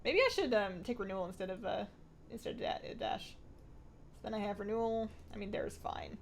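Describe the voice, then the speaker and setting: A woman's voice: mid-range voice, steady tone, a little fast, vocal fry, a little hiss or hum. A woman hosting a casual gaming livestream, thinking aloud, answering viewer chat and laughing often. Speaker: livestream host playing an online game.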